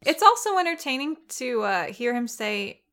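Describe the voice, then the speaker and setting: A woman co-hosting a casual podcast chat with dry, deadpan teasing. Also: high voice, normal speed. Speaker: podcast co-host.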